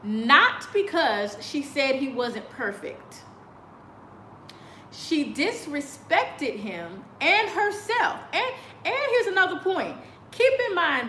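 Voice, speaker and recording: Sassy woman host with a high, bright voice, in an echoey room with faint noise behind her. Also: very animated, slow pace. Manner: chatty and sassy, laughs often. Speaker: vlogger. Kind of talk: casual commentary. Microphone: video call on a choppy connection.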